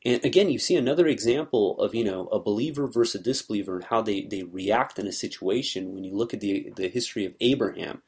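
A man's voice: fairly low pitch, fast, few pauses, darkish tone, breathy edge. A man giving an earnest, conversational talk on scripture, explaining things in a loose, searching way. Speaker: religious speaker.

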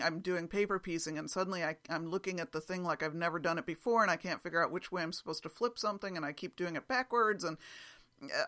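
A woman's voice: fairly low pitch, fairly bright tone. A woman hosting her own podcast, talking casually and laughing at herself often. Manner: chatty, self-deprecating, laughs often. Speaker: podcast host. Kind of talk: casual solo podcast chat.

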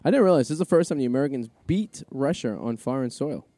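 Co-host, male, quick and dark-toned, casual profane banter, dry close sound. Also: mid-range voice, lively intonation, dry recording. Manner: profane, joking, rambling sports talk. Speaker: podcast co-host. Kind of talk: casual chat.

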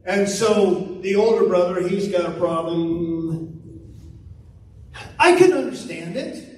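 A middle-aged man preaching as a pastor, swinging from hushed lines to loud calls and asking for amens. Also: sits high, heavy reverb, far from the mic, a little hiss or hum, low-quality recording. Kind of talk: sermon. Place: church sanctuary.

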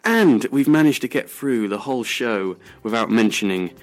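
A man's voice: mid-range voice, expressive, normal speed. A man hosting a local radio science show, chatting casually through news stories with lots of ums and restarts. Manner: rambling with many fillers and restarts.

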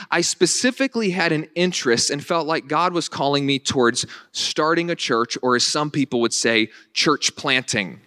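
A pastor in his late twenties preaching a sermon in a conversational, energetic way, often restarting his sentences. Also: on the high side, dry recording, clean studio sound. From Northern Virginia. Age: late 20s.

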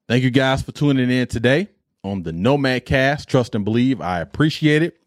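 Middle-aged male podcast host, lively exasperated rant, dry close sound. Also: medium pitch, moderate pace, dry recording. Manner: animated, exasperated ranting with repetition.

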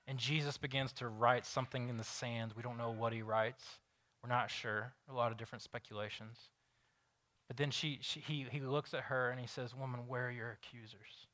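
A male pastor preaching an unscripted sermon, with frequent restarts, dropping to hushed tones and then rising loud and emphatic. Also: medium pitch, steady tone, brisk.

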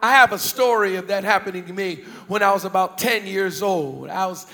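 Male preacher, very high tense voice, animated storyteller who breaks into shouts, long hall echo. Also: fairly quick, creaky. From US Northeast. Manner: animated storytelling, repeated questions, bursts of shouting. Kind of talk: storytelling sermon. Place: large church hall with thousands present. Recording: large hall reverb.

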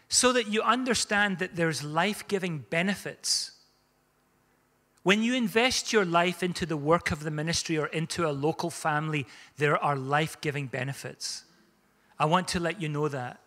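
Man, pastor, high bright voice, chatty preaching, long hall reverb. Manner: conversational, self-deprecating humor. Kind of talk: sermon. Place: church sanctuary.

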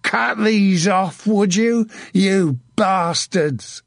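A man voicing a blood-crazed medieval archer who shouts and jeers in a frenzy. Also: sits high, drawn-out words, vocal fry, no room sound, clean studio sound, pitched above the performer's own voice, heavily acted. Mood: frenzied.

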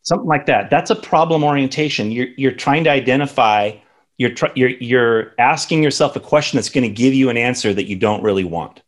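Conversational man teaching, mid-pitched. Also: brisk. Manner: conversational, tags sentences with "right?". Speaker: instructor. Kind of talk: teaching lesson on communication.

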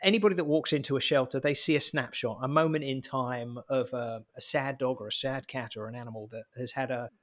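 A man's voice: medium pitch, fairly quick, few pauses. A man, co-hosting a podcast in casual chat, a chatty, jokey storyteller who mocks himself. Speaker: podcast co-host.

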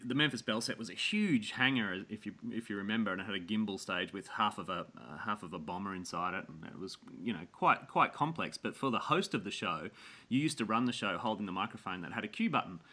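Bright-voiced man telling stories. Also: lowish voice. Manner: animated anecdote-telling with quick restarts. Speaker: guest, performer and presenter. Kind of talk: casual storytelling in an interview.

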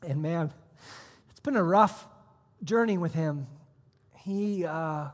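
A man pastor preaching a sermon, telling a personal story with sudden swings between hushed, almost whispered lines and loud, emphatic ones. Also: a little high, takes it slowly, big-room sound. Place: church auditorium.

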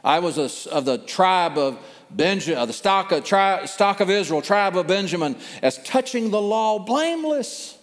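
A man's voice: sits high, animated, normal speed, pitched above the performer's own voice. A man voicing a proud, fervent male apostle who boasts about his pedigree. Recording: long hall reverb.

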